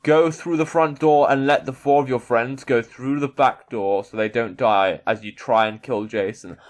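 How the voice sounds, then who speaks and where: A man's voice: medium pitch, normal speed. Male YouTuber, mock-boastful, swears a lot, reads quiz options and reacts. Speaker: YouTuber playing a character persona. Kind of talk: reading an online quiz aloud with reactions.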